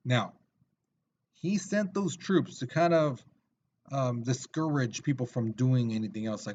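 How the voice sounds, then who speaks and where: A man's voice: mid-range voice, normal speed, a little mellow, dull audio, a little hiss or hum. A male teacher giving a recorded video lesson in a casual, chatty way with lots of fillers.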